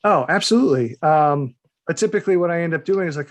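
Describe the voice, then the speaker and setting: A man's voice: on the high side, very fast. A man, a guest author, talking casually on a video call, rambling with restarts and small laughs. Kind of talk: casual interview chat.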